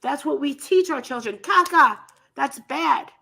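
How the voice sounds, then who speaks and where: Blunt high-voiced woman host. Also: normal speed, creaky. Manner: blunt, animated, scornful. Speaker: commentary channel host. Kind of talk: casual commentary chat.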